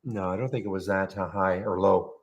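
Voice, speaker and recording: A fairly low-voiced man hosts a live trading room. He rambles and corrects himself as he talks through his trades. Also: steady tone, a little fast, highs cut off. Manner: chatty, rambling, self-correcting.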